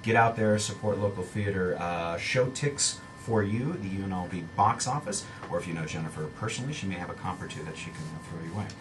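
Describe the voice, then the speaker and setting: A man's voice: low voice, fast, hardly any pauses, far from the mic, background noise. A man hosting a casual local radio chat, joking and hesitant with many fillers. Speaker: radio host.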